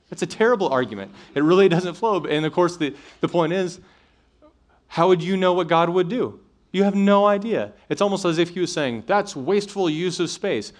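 Guy talking to college students, lots of ums and restarts, keeps checking if they're following. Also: mid-range voice. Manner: conversational, frequent fillers and restarts, checks in with listeners. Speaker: speaker addressing college students. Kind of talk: apologetics talk to a live audience.

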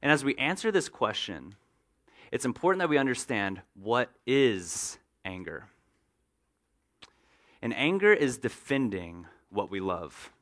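Male pastor, mid pitch, bright tone, earnest sermon delivery. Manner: earnest preaching, acts out everyday scenes.

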